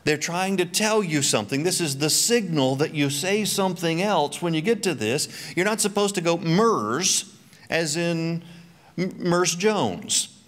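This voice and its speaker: A man's voice: a little high, a little slow, fairly bright tone. A middle-aged man giving a church Bible teaching talk, full of joking, self-mocking asides.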